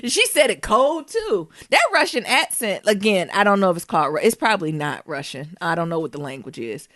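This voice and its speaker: An animated woman trading casual stories on a podcast, laughing often and cursing freely. Her pitch swings widely as she talks. The recording is close and dry. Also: brisk, no echo. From Detroit, USA. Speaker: podcast co-host. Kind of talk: casual chat.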